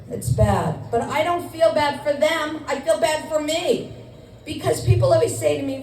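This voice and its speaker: A woman's voice: high-pitched, moderate pace, darkish tone. A middle-aged woman from Scarsdale doing a chatty, self-deprecating stand-up set, with ums and restarts. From Scarsdale, New York. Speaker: stand-up comedian. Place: comedy club stage with audience. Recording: echoey club from far off, faint noise.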